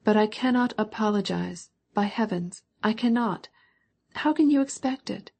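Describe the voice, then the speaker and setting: A woman's voice: mid-range voice, normal speed, creaky, darkish tone, pitched above the performer's own voice. A woman reading the part of a proud young male count who pleads with emotion. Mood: pleading.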